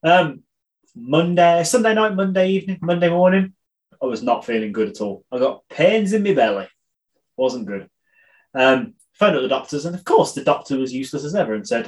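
A man's voice: a little high, expressive, normal speed. A man, co-hosting a podcast with dry, jokey asides. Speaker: podcast co-host. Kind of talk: casual chat.

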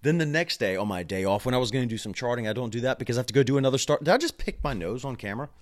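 A frustrated man rants into a camera at home, cursing freely and swinging between quick muttered asides and loud outbursts. His pitch sits in a middle range, and his delivery is raw and unscripted, like a vlog recorded on the spot. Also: lively intonation. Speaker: home health nurse venting on camera. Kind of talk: angry ranting vlog.

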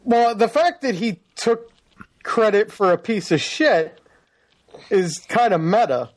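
A man's voice: sits high, expressive, slow pace, no echo. Wry man reading release list. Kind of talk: casual chat about movie releases.

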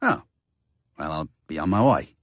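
An actor playing a laconic tough bushman in a film, speaking with an unhurried drawl. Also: extremely low pitch, sing-song, no room sound, clean studio sound, exaggerated voice. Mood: unimpressed.

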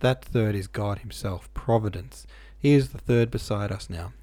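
A man reading a sly, insolent male servant who talks in a low, insinuating, unhurried way, as part of a storybook audiobook. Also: warm tone, dry recording, natural voice.

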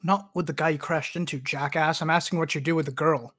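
A man's voice: fairly high pitch, steady tone, a little fast, fairly bright tone. A man co-hosting a podcast in casual chat, quizzing his friend with a made-up scenario. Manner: quizzing, spinning out a hypothetical scenario. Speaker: podcast co-host.

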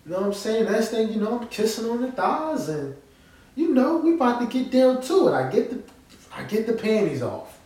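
A man casually telling a story straight to his listeners, animated and profane, often checking that they follow him. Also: sits high, moderate pace. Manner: animated, profane, keeps asking listeners to agree. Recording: roomy echo.

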